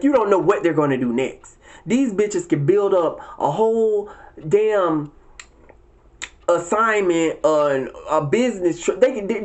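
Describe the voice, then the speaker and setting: Male vlogger, profane and preachy rant, emphatic, with shrill high-pitched outbursts. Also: a little mellow. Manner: leaps into high, shrill exclamations. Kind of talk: casual ranting monologue to viewers.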